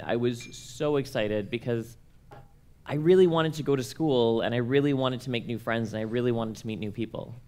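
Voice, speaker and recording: A man's voice: mid-range voice, clear, resonant tone. A young man from Canada telling a personal story to an audience, acting out the voices of the people in it. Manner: animated, acts out quoted voices. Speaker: speaker at a church conference.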